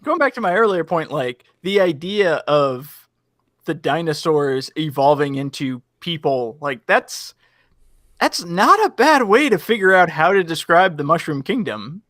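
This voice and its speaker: A man's voice: a little high, big pitch swings, unhurried, a bit bright, no echo, clean studio sound. A man co-hosting a casual movie commentary, rambling with lots of "like" as he argues his point. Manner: rambling, many "like"s, defensive. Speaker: podcast co-host.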